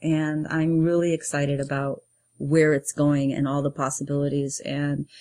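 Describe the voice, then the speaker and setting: A middle-aged woman, a playwright and performer, telling her own story in an earnest way and getting lively when she acts out what people said. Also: low voice, measured pace. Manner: earnest, animated when acting out quotes. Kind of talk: personal storytelling interview.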